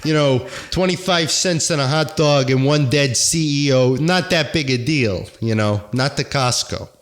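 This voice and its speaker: A man co-hosting a casual podcast, rambling through a story and often breaking into laughs. His voice sits at a middle pitch. He sounds unhurried and joking. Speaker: podcast co-host. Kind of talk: casual chat.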